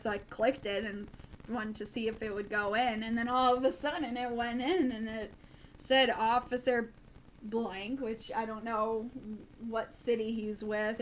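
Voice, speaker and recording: Midwest woman hosting a late night news stream, kinda high voice, rambly with lots of ums, faint hum behind. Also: rough recording. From American Midwest. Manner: chatty, rambling with many ums and restarts. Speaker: livestream news host. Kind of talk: casual late-night livestream chat.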